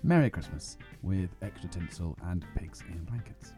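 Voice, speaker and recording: A man's voice: deep voice, expressive, moderate pace, over music. A man from Kent hosting a podcast for English learners, theatrical and jokey, sometimes breaking into song. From England (Kent). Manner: theatrical, jokey, bursts into singing. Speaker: podcast host. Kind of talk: playful scripted podcast intro.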